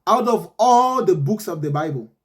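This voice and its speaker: A man hosting a casual podcast chat, arguing his points in animated, rhetorical storytelling. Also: high voice, moderate pace. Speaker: podcast host.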